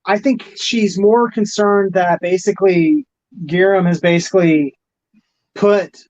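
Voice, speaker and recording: A man with a high voice co-hosts a casual review discussion. He talks in a measured, calm way as he explains the plot. The sound is dry, with no room echo, and lo-fi.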